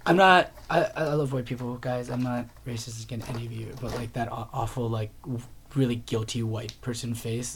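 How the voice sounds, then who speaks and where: A man's voice: mid-range voice, steady tone, moderate pace, slight background noise. A man hosting a casual TV review show, rambling through his thoughts with many fillers and restarts. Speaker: TV review podcast host.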